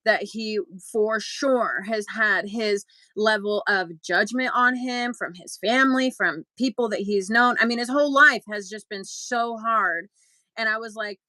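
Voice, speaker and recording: A young adult woman, a podcast co-host, telling a story in casual chat and acting out quotes with big jumps in pitch. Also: moderate pace, bright, forceful tone, no room sound, poor audio.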